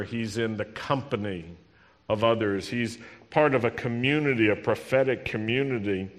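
A man preaching a sermon, teaching slowly and deliberately from a Bible passage and having the congregation repeat lines after him. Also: mid-range voice, big-room sound. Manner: slow, deliberate Bible teaching with call-and-response.

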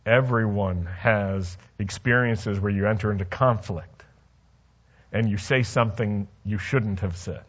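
A man's voice: lowish voice, a little slow, slightly rough, highs cut off. A man preaching a sermon in a conversational way, asking the congregation questions and telling stories from his own life. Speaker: pastor.

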